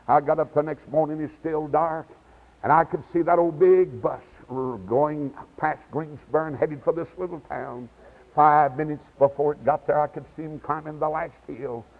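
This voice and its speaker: An older man, preaching a revival sermon. He tells his story with feeling, dropping to a hush and then rising to a shout. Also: on the high side, steady tone, moderate pace. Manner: storytelling preacher, swings from hushed to hollering. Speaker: evangelist. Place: church sanctuary. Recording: tinny lo-fi 1990s church tape.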